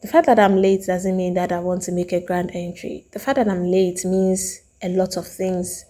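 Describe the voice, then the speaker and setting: A woman with a Ghanaian English accent giving an opinionated, animated review of a reality show, acting out the lines she quotes. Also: on the low side, normal speed.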